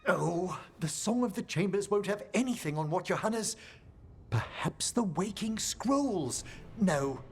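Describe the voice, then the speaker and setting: An actor playing a refined, courteous older scholar of death magic in video game dialogue, speaking in a formal, measured and wistful way. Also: male voice, sits high, lively intonation, breathy edge, faint music behind, exaggerated voice.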